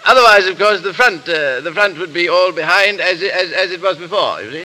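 A foppish English dandy prattles on in a bright, lively voice that swoops up and down. He sounds affected and fussy, and his pitch sits fairly high for a man. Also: fairly quick, slight background noise, heavily acted, poor audio.

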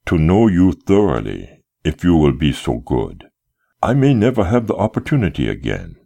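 Low, lively-voiced male reader doing a polite, unyielding gentleman host, unhurried and courteous. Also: vocal fry, exaggerated voice. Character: polite smiling man, calm and unyielding.

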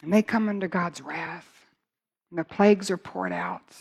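A middle-aged woman preaching a sermon, moving from hushed, slow phrases to loud, fervent reading of scripture. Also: fairly low pitch, fairly even intonation, creaky, husky, highs cut off.

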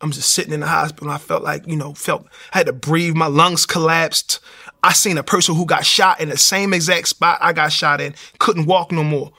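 A Baltimore man gives a personal testimony in a gravelly, rather high voice at a brisk pace. He tells it like an animated street story, acting out the voices.

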